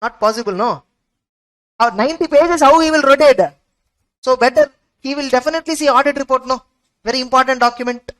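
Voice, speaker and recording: A woman's voice: high voice, brisk, pauses often, fairly bright tone, rough recording. A woman giving an exam revision lecture, asking her students rhetorical questions and repeating key points. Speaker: teacher.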